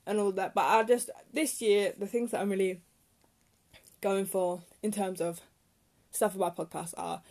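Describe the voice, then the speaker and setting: This young woman talks from her bedroom on a solo podcast she hosts, wandering through casual chat and poking fun at herself. Her medium-pitched voice holds a steady, darkish tone, and her pace is normal.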